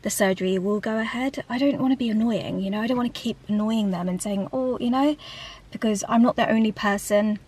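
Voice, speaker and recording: A woman talking candidly in a casual vlog from inside a parked car, often dropping to a soft whisper. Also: medium pitch, brisk, husky. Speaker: vlogger.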